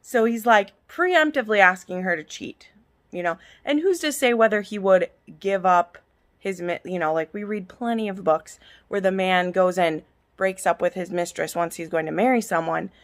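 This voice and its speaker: A woman's voice: medium pitch, normal speed. Heated woman ranting about a book. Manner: passionate, heated, swears freely. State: on pain medication, irritable. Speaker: book reviewer. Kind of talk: casual vlog rant.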